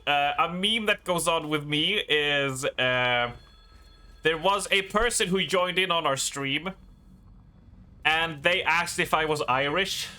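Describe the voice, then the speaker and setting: A man with a Swedish accent, a gaming streamer chatting casually on stream in a rambling, self-deprecating way with halting restarts. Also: fairly high pitch, bright, forceful tone, clear, resonant tone. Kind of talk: casual live-stream chat.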